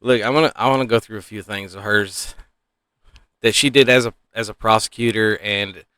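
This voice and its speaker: A man's voice: on the low side, fairly even intonation, normal speed, sharp tone, smooth. A man giving casual, opinionated political commentary, rambling and sighing often.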